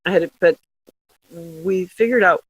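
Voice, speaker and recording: A middle-aged woman telling stories in a casual interview, chatty and quick to laugh. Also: on the low side, husky, dry recording, dull audio. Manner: chatty storytelling, laughs often. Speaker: guest, glassware company founder.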